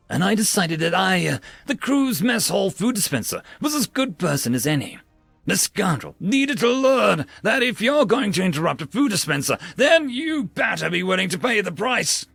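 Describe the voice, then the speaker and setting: A man's voice: fairly high pitch, gravelly, a bit bright, husky, dry recording. A man narrating a sci-fi story in a wry, theatrical storytelling manner.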